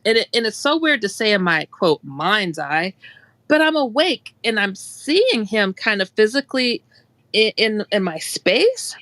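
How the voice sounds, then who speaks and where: A woman tells a personal story on a casual talk stream, bright and lively, her pitch jumping up whenever she acts out what someone said. The sound is dry and close, with no room around it. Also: no room sound. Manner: animated, laughs often, acts out quotes with rising pitch. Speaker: show host telling a personal story.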